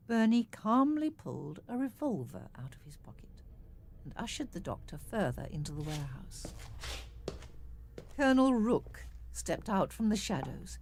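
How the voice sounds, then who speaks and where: Woman narrating with lively expression. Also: medium pitch, slight background noise. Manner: measured, expressive storytelling. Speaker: audiobook narrator. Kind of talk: scripted narration.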